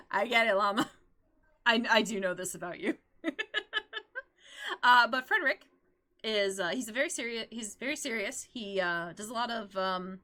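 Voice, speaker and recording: A woman with a slightly high voice talks casually on her live stream about her favorite characters. She's excitable and giggly, wanders from point to point, and often breaks into squeals.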